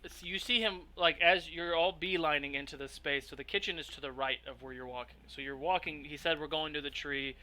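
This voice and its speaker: A man's voice: on the high side, a little fast, few pauses, bright, forceful tone, poor audio. A man narrating a tabletop game as game master, describing scenes loosely with lots of fillers.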